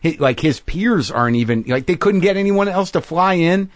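A man's voice: sits high, lively intonation, normal speed, no echo. A man hosting a casual conversation, musing reflectively and swearing freely.

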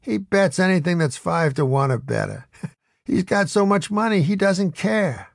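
A man doing a calm, seen-it-all bookie. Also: high-pitched, measured pace, gravelly, no echo, clean studio sound, pitched above the performer's own voice. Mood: amused. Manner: calm, amused.

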